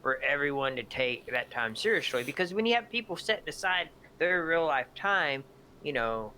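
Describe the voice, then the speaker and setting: A man's voice: on the high side, sing-song, moderate pace, sharp tone, slight background noise. A man co-hosting a streamed gaming talk, blunt and teasing, swearing casually. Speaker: co-host.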